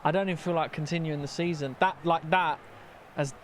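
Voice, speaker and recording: A man's voice: fairly high pitch, steady tone, brisk, slight background noise. A young man commentating his own football video game, flustered and stammering as things go wrong. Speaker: gaming commentator. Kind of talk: casual gameplay commentary.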